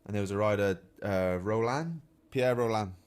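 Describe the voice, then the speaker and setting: A man with a fairly low voice chats casually on a podcast, telling stories from professional cycle racing. He speaks in a relaxed, anecdotal way and often chuckles at his own tales. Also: moderate pace. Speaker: professional cyclist, podcast regular.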